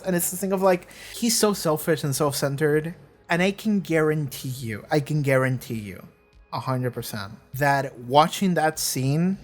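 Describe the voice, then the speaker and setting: A reaction video host giving casual commentary on a TV episode, rambling and swearing freely, with frequent laughs. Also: mid-range voice. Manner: rambling, profane, animated, laughs often.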